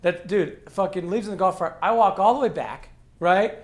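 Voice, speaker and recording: A young man on a podcast, telling a college baseball story in a casual, animated, profane way and acting out the dialogue. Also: high voice, normal speed. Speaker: podcast guest, former college catcher.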